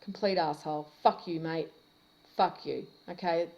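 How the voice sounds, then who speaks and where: A woman's voice: fairly low pitch, steady tone, unhurried, dark tone, dull audio. An Australian woman delivering a profane, confrontational monologue to camera in an angry rant. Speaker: video commentator.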